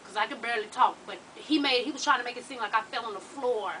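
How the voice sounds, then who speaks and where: A woman with a drawl tells her viewers a story in an animated, profane way. Her voice is highish and bright. She sits a bit back from the mic, with faint room noise behind her. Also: fast, far from the mic, low-quality recording. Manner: profane, animated, laughs while telling. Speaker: vlogger.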